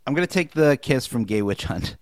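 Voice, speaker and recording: A man co-hosting a podcast, talking casually with wry deadpan asides and frequent laughter. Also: mid-range voice, a little fast, no echo. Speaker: podcast co-host. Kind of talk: casual chat.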